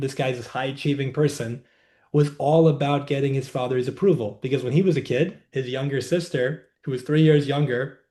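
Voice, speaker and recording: Calm man with a mellow voice. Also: medium pitch. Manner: measured, reflective, explanatory. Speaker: guest, energy healer and coach. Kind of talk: podcast interview storytelling.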